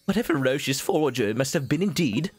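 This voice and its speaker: Blathers, a man doing a pompous high owl curator. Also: animated, fast, over music, natural voice. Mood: grandly excited. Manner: formal, old-fashioned, lecturing.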